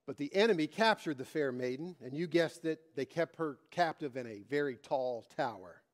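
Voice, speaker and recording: A man's voice: fairly high pitch, lively intonation, normal speed. A man preaching a sermon, repeating his phrases with emphasis and telling a story to make his point. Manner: emphatic, repetitive preaching cadence.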